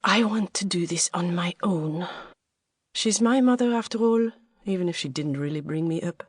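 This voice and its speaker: Audiobook: woman voicing an earnest, proud young woman, faint French accent, lifted brighter pitch. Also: normal speed, slightly rough, no room sound, clean studio sound. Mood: determined.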